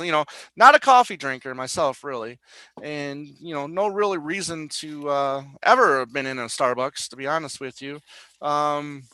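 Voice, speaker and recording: A man co-hosting a podcast, chatting in a relaxed, agreeable way. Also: fairly high pitch, no echo, poor audio. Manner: relaxed, agreeable, lots of fillers and backchannels. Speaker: podcast co-host. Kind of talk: casual chat.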